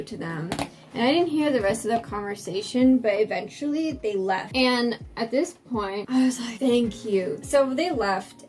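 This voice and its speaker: A young woman telling a storytime vlog while doing her makeup. She is animated and swears a lot, and she acts out the lines she quotes. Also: medium pitch. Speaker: vlogger.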